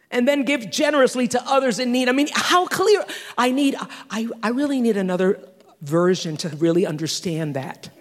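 A woman in her sixties preaching a sermon, animated, with teasing asides and laughter. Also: a little high. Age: 60s. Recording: long hall reverb.

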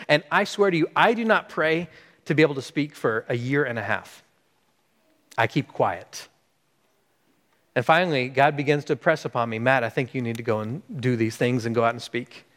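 A man's voice: on the high side, long reverb tail. A man who is a pastor, preaching a sermon and telling a story, acting out the voices of the people in it. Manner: animated, acts out quoted dialogue.

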